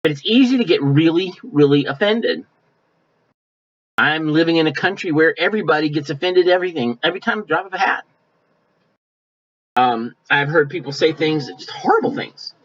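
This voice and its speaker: A male pastor preaching a sermon in a folksy, conversational way, now and then mimicking offended people in quick asides. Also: on the high side, expressive, fairly bright tone. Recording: dull lo-fi sound.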